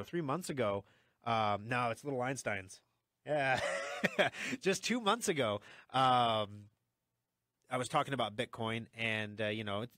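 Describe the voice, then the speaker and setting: A man hosting a radio talk show, excited and energized, talking fast with frequent restarts and repeated words. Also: medium pitch, no echo. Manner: excited, fast talker who restarts often. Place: radio studio. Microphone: studio microphone.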